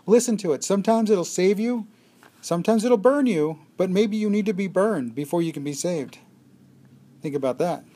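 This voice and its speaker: A man's voice: sits high, a little mellow. A man giving a casual daily motivational monologue, reflective, often repeating phrases and shifting his pace.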